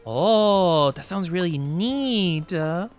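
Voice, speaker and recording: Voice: medium pitch, animated, very slow. A streamer casually chatting over gameplay, reading and answering chat messages with frequent giggles.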